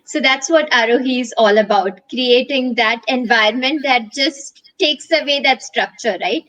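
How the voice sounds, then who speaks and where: Attentive woman host, high voice. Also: a little slow, a bit bright, poor audio. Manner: attentive, summarizes and asks follow-up questions. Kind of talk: casual conversation.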